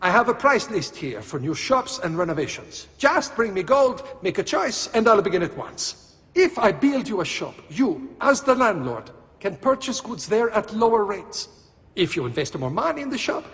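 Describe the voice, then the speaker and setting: Businesslike architect, high lively pitch, salesman patter, reverberant game audio. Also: moderate pace, heavily acted. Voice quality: wry, salesman-like. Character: brisk, businesslike Italian male architect. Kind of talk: video game dialogue.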